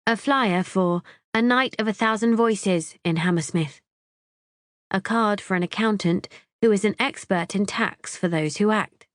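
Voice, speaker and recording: A woman's voice: medium pitch, a little slow, no echo, clean studio sound. A woman narrating a psychological thriller audiobook in the first person, wry and tense.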